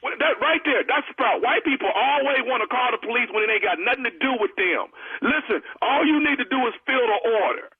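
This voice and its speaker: A man on a prank call talks in a streetwise, pushy way that keeps needling the person on the line. His voice sits high for a man. It comes through a thin, tinny phone line. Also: animated, quick pace, husky, no room sound. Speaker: radio prank caller.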